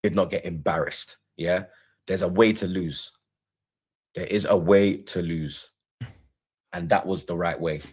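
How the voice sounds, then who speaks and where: Man, boastful trash talk, low voice, husky. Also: unhurried, pauses often, darkish tone. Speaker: reaction channel co-host. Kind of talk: casual football banter.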